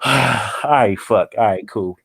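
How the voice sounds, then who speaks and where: A man's voice: fairly low pitch, slow, creaky, husky, dry recording. Profane man telling a story. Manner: animated, profane, acts out quotes. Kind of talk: casual storytelling.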